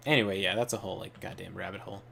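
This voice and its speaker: A man's voice: low-pitched, steady tone, rapid-fire, gravelly, bright, forceful tone. A man hosting a gaming channel, telling rambling, offhand stories while he plays. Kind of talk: casual gaming commentary.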